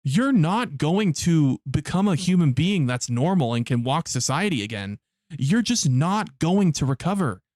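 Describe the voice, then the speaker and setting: A man's voice: fairly high pitch, very animated, a little slow, darkish tone, no echo, clean studio sound. A man streaming a game live, chatting casually with his viewers in blunt, heavily profane rants. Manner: blunt, profane ranting to chat.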